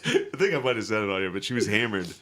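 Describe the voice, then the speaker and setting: A man's voice: on the low side, big pitch swings, fast, fairly bright tone, slight background noise. A man co-hosting a comedy podcast, telling stories in casual, profane chat and laughing often. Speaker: podcast co-host.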